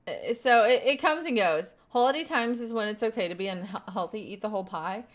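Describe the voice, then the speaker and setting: A young Kentucky woman with a light Southern accent reads viewer messages during a casual live stream, rambling along with plenty of fillers and laughter. Her voice is medium-pitched and a little fast.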